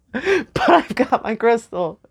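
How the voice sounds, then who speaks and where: A young woman speaking slowly and tearfully in a personal memorial vlog, with soft nervous laughs. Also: a little high, husky. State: crying. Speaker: vlogger.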